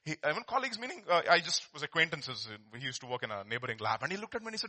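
A man preaches with a bright, ringing voice that leaps up and down in pitch. He swings from hushed asides to loud, urgent exhortation, repeating words and firing rhetorical questions at the congregation. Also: very animated, very fast. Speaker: pastor. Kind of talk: sermon.

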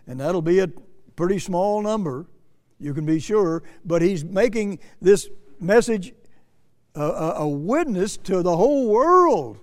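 A man's voice: high-pitched, animated, unhurried, in a large hall. A man preaching a sermon as pastor, earnest and plain-spoken, repeating himself and lifting his voice when he quotes scripture.

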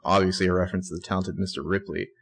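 A man's voice: deep voice, fairly even intonation, racing, vocal fry, a bit bright, husky. A man co-hosting a casual TV recap podcast, narrating scenes bluntly and swearing often. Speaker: podcast co-host.

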